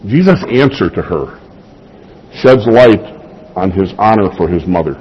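In an unhurried, expressive manner, a husky-voiced man with a lowish pitch preaches as a pastor, chatting with the congregation and asking rhetorical questions. The sound is slightly dull and lo-fi.

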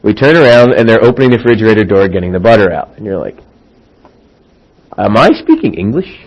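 A middle-aged man preaching a sermon as a pastor, acting out quoted voices and swinging from loud emphasis to hushed asides. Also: on the low side, rapid-fire, dull audio.

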